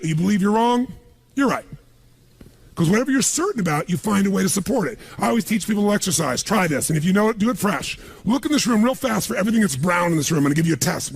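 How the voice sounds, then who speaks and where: Raspy, gravelly motivational speaker. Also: male voice, sits high. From United States. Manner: emphatic, calls on the crowd to answer. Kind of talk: live seminar speech to an audience.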